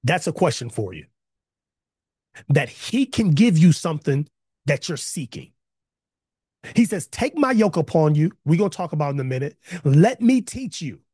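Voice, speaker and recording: Casual online preacher, male, lively swings in pitch, dead-dry close sound, slangy asides, builds to emphatic repeats. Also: husky, dry recording. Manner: energetic, building to emphatic repetition; conversational slang, self-interrupting asides. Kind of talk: online sermon with chat interaction. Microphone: close mic, video call.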